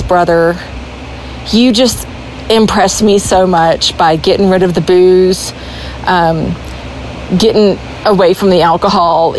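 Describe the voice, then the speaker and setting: A woman's voice: medium pitch, a little mellow, slight background noise, rough recording. A woman from Texas with a Texan accent, calling in with an earnest, pleading prayer message. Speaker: caller.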